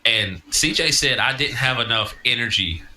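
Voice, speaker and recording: A man's voice: mid-range voice, normal speed, pushed and bright. A man co-hosting a podcast, telling wry stories in laid-back casual chat. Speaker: podcast host. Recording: roomy and noisy.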